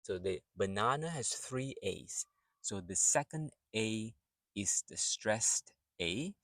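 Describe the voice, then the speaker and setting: A man teaching English pronunciation, saying example words slowly and repeating them with clear syllable stress. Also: on the low side, animated, a bit bright, dry recording.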